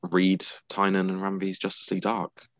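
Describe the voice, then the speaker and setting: A man's voice: sits low, completely flat delivery, moderate pace, no echo. A man from the United Kingdom co-hosting a podcast in casual chat, tired and matter-of-fact, teasing his co-host.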